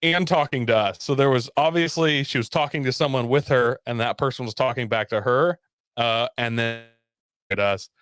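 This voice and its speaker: A man casually telling a story on a talk show, animated and profane, laughing often. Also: mid-range voice, moderate pace, clear, resonant tone, no echo, clean studio sound. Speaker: podcast guest telling a story.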